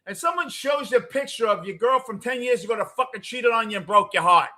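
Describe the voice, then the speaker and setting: A middle-aged man with a New York accent ranting as a postgame show host, cursing and swinging between yelling and muttering. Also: extremely high pitch, expressive, fast. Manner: profane, swings from shouting to muttering. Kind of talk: ranting fan commentary.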